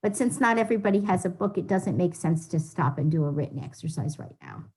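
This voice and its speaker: A woman's voice: lowish voice, animated, fast, darkish tone, breathy edge. A woman leads a beginners' class over a video call. She explains each point patiently and plainly, sounding out letters for her students. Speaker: Hebrew teacher. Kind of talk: online class teaching.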